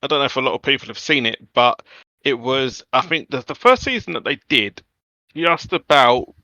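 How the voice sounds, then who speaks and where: A man co-hosts a casual podcast, joking around, swearing and laughing often. His voice sounds bright and forceful. The recording is dry and close. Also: mid-range voice, animated, moderate pace, dry recording, highs cut off. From Britain. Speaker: podcast co-host. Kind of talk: casual chat.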